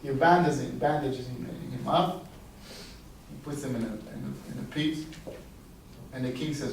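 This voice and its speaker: A man, a rabbi, telling a parable as a sermon in a lively, conversational way with casual asides, heard from a distant mic in a very echoey hall. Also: mid-range voice, moderate pace, gravelly, long pauses, a little hiss or hum. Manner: animated, conversational storytelling with asides. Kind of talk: storytelling sermon.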